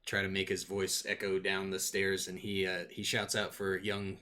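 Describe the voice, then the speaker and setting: A man with a low voice running a tabletop role-playing game. He narrates loosely, stopping and restarting with plenty of fillers as he sets the scene. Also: monotone, moderate pace, bright, forceful tone. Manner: loose, filler-heavy, stop-start narration. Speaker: game master.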